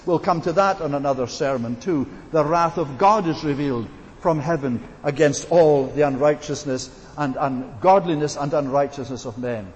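High-voiced man preaching in a reverberant hall. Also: normal speed, muffled recording. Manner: earnest, emphatic, repeats key words. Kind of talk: sermon. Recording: long reverb in a hall, faint hiss.

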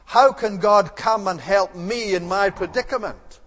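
A man's voice: sits high, measured pace, fairly bright tone. A man preaching an expository sermon, earnest and emphatic, building to rhetorical outbursts. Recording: long reverb of a large hall.

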